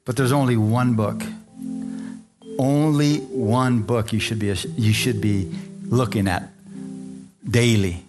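Pastor, male, mid-range voice, emphatic preaching with drawn-out stressed phrases and calls for amen. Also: medium pitch, fairly even intonation, over music. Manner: emphatic, slows down to stress lines, calls for amens. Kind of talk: sermon.

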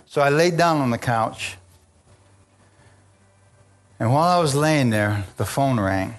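Animated man preaching a testimony. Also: medium pitch, unhurried. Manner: animated storyteller, calls out to congregation. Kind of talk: sermon testimony.

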